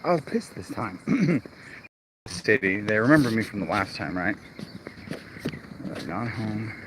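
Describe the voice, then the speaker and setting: A real estate agent goes door to door on residential streets, chatting and rambling to himself between houses in a casual livestream shot on his mobile phone. His lowish voice has lively intonation and an unhurried pace, with noisy surroundings.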